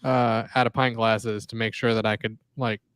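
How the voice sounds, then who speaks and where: A man's voice: lowish voice, flat delivery, fairly bright tone, clear, resonant tone, no room sound. A man co-hosting a podcast in casual banter, rambling and profane, on a close mic. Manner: profane, rambling, quick asides. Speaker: podcast co-host.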